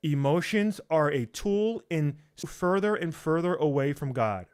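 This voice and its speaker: A man's voice: fairly high pitch, lively intonation, unhurried, darkish tone, clean tone. A man preaching emphatically, repeating his points, asking rhetorical questions and often checking in with "okay?".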